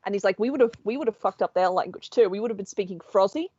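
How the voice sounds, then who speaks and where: An Australian woman talks casually on a podcast, animated and quick to slip into little voices as she tells stories. Her voice sits mid-pitched, recorded dry with a slightly dull, muffled tone. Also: husky, dry recording. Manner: animated storyteller, acts out voices. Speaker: podcast co-host. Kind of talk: casual chat.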